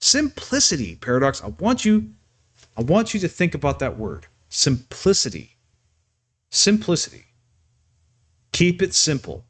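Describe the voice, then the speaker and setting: A man ranting off the cuff on his live stream, his fairly high voice jumping up when he gets worked up. He talks loosely, full of restarts and fillers, and admits he yells. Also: sing-song, moderate pace.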